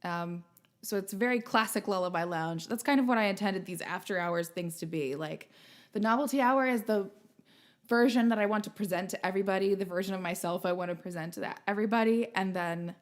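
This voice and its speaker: A woman's voice: mid-range voice, fairly quick. A woman hosting a livestream show, chatting casually in a rambling, self-mocking, joking way. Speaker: stream show host.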